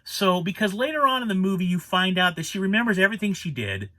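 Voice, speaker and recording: A man's voice: sits high, very animated, fast, sharp tone. A man giving a casual spoken movie review, rambling and exasperated, restarting his sentences as he rants.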